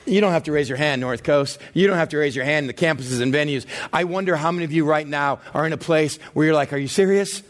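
High-voiced pastor guy, middle-aged, dramatic sermon, gets loud then goes quiet. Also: fast, hardly any pauses. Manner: animated, dramatic, swings between loud and hushed.

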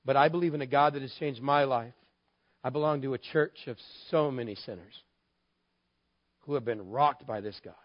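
A man's voice: medium pitch, moderate pace, pauses often, no echo. A man preaching a sermon as a pastor, telling a story in a candid, conversational way with wry humor. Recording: dull, lo-fi dry sound.

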